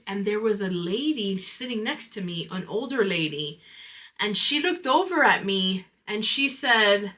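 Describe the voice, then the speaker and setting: Bright-voiced woman telling her story. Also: mid-range voice. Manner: candid, reflective, many "like" fillers. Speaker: podcast host. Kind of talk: personal storytelling monologue.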